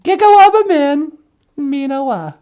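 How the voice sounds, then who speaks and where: A woman's voice: high voice, very animated, a little slow. A performer voicing a cheerful, giggly young woman who teaches Ojibwe words. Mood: eager. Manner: bright, giggly, eager.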